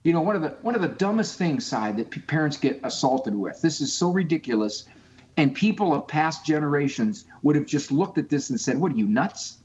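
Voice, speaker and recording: A man's voice: fairly high pitch, brisk, dull audio. A man speaking as a guest psychologist on a call-in radio show, emphatic, acting out quotes. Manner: animated, emphatic, acts out quotes.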